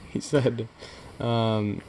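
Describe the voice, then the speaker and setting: A young man in casual, crude podcast banter. His pitch sits in the middle range and his telling wanders, full of fillers and restarts. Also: fairly even intonation, darkish tone. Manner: rambling, halting with many fillers and restarts. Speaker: podcast co-host.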